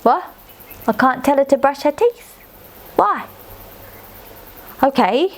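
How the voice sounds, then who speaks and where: Casting: woman playing a blunt, chatty little girl fairy for a children's storybook; high, bouncy voice. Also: takes it slowly, heavily acted. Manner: animated, childlike, talks straight to the listener.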